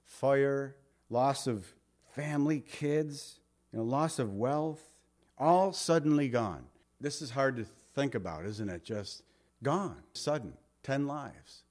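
A male pastor preaches verse by verse in a relaxed, conversational way. His voice sits at a middle pitch and turns emphatic on key points. He often drops to a soft murmur at the ends of phrases. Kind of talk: verse-by-verse sermon.

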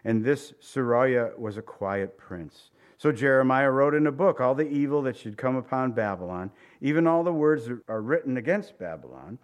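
A man preaching a verse-by-verse sermon, reading scripture aloud and then commenting in a relaxed, conversational way, sometimes acting out incredulous reactions. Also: mid-range voice, moderate pace, hardly any pauses. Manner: animated, acts out incredulous reactions.

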